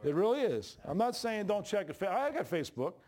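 Male pastor, slightly high voice, folksy and joking, sermon from the pulpit. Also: big pitch swings, fairly quick, a little mellow. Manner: folksy, joking preacher with Southern-style colloquial grammar. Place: church sanctuary. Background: congregation responses.

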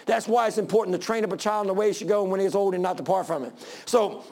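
A middle-aged man preaches in a high, gravelly voice. His sermon is impassioned and repetitive, and he climbs to shouted peaks. He sounds like a pastor addressing his church. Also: racing. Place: church sanctuary with congregation.

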